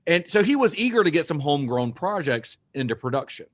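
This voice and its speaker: A man hosting a podcast, recounting history in a relaxed, conversational way with some fillers. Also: on the high side, fairly quick. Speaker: podcast host. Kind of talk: casual chat, recounting history.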